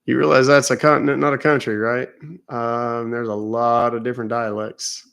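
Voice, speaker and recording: Gravelly man chatting on a stream. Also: medium pitch, flat delivery, moderate pace, fairly bright tone. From Texas. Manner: profane, joking, rambling. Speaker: live-stream host. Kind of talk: casual live-stream chat.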